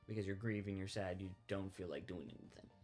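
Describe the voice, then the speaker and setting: A man's voice: low-pitched, steady tone, fast, a little mellow, soft background music. A young man co-hosting a casual Bible discussion podcast, exasperated and keeps steering the talk back on topic. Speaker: podcast co-host.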